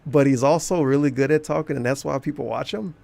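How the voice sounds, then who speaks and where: A man's voice: medium pitch, fast talker, vocal fry, a little mellow. A man giving sarcastic, blunt reaction commentary over a stream clip, mocking the streamer.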